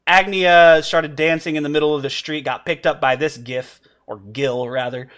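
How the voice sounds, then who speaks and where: A man's voice: on the high side, fairly even intonation, moderate pace, few pauses, fairly bright tone. A man giving casual, rambling gameplay commentary as a streamer, chatty and laughing often.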